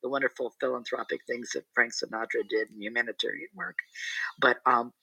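A man's voice: mid-range voice, fairly even intonation, fairly quick, gravelly, pushed and bright, breathy edge, dry recording, poor audio. A middle-aged man, an entertainer, telling a rambling story in a casual interview with many restarts and asides.

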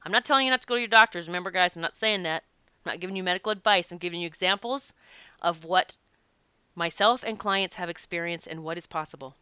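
A woman who works as a past life regression practitioner, talking casually to her audience and telling stories in an animated, emphatic way. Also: fairly low pitch, fast talker, clean tone, dry recording. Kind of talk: casual spoken talk to an audience.

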